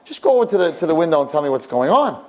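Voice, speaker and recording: A man's voice: fairly high pitch, big pitch swings, rapid-fire, a little mellow, rough recording. A man voicing an old blind man in a nursing home who pleads and repeats himself insistently. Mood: pleading.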